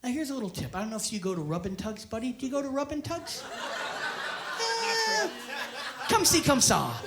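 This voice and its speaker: A man, a stand-up comedian telling a story loudly and profanely on stage. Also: very high voice, very animated, normal speed, very noisy. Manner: loud, profane, often yelling. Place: theater stage before a live audience. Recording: live show with audience laughter.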